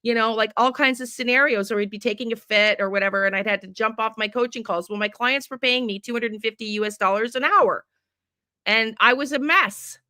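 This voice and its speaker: A woman's voice: a little high, steady tone, fast talker, few pauses, bright, forceful tone, dry recording, clean studio sound. A middle-aged woman ranting with heavy profanity while chatting with viewers on her livestream. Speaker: true crime tarot livestreamer. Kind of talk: casual livestream talk with chat.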